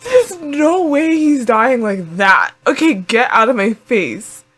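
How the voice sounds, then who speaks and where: A woman with a high voice reacts aloud as she watches. She rambles and panics, breaking into exclamations and repeated words. She is casual and highly emotional throughout. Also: sing-song, slow, a bit bright. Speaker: anime reaction video host. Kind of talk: live reaction commentary.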